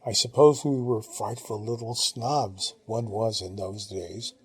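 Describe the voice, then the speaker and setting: A man reading an audiobook, voicing a genteel older Englishwoman who chats fondly about her childhood with brisk, upper-class exclamations. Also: on the low side, fairly even intonation, husky. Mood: reminiscing. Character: genteel older Englishwoman, chatty and fond of the past.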